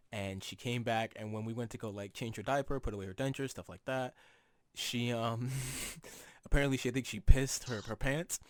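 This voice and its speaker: A young man co-hosting a casual podcast, telling stories in a lively way, laughing and swearing often. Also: mid-range voice. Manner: animated storytelling, swears often, laughs a lot. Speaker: podcast co-host.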